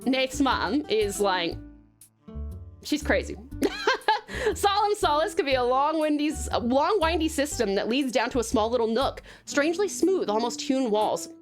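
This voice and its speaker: Young Australian woman streamer, slight American twang, high, lively, sing-song delivery. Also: measured pace, faint music behind. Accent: Australian with American traces. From Tasmania, Australia. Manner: bubbly, greets viewers with playful pet names, laughs often. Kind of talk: casual live-stream chat.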